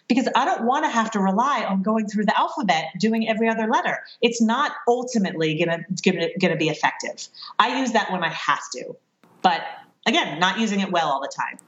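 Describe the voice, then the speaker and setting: A woman's voice: medium pitch, animated, a little fast, fairly bright tone. A woman in a conversation, earnestly explaining parenting strategies and laughing at her own mistakes. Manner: earnest, self-deprecating, laughs at herself. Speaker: parenting expert guest. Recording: roomy, dull lo-fi sound.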